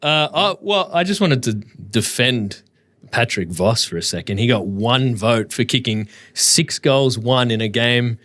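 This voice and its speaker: A man's voice: medium pitch, lively intonation, measured pace, fairly bright tone. An Australian man co-hosting a casual podcast, joking and acting out silly mock dialogues as he talks. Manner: jokey, acts out mock dialogues. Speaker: podcast co-host. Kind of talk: casual banter.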